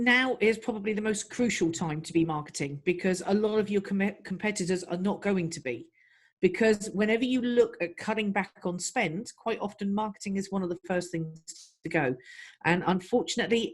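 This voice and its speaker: A middle-aged woman, a guest in an interview, giving practical marketing advice in an even, steady way. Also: medium pitch. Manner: practical, advising, even-paced. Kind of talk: interview answers.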